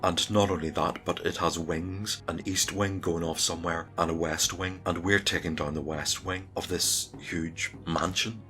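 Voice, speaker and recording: A man narrates his solo tabletop game in a relaxed, chatty way. His voice is very low, and soft music plays faintly behind him. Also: moderate pace, few pauses. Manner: relaxed, conversational storytelling.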